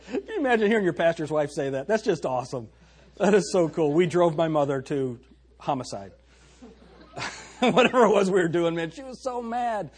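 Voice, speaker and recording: A man preaching a sermon, emphatic and folksy, who slows down to stress key words and talks straight to his congregation. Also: a little high, animated, breathy edge. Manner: folksy, addresses the congregation directly.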